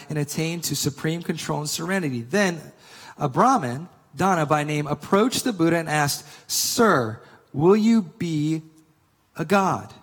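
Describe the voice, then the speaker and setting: A male pastor preaching a sermon, reading scripture slowly and building emphasis on his main points. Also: on the high side, long reverb tail. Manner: emphatic preaching, slowing for scripture and rising on key claims.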